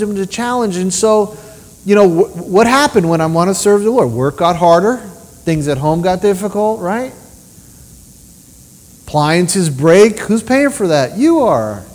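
A man with a high-sitting voice preaches a sermon built on personal testimony, telling stories animatedly and posing rhetorical questions. The recording carries the long reverb of a large hall.

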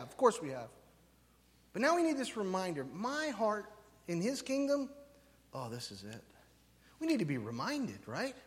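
A male pastor preaching a lively, conversational sermon, often checking in with "right?". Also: high-pitched. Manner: animated, conversational, keeps asking "right?". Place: church sanctuary. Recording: reverberant hall.

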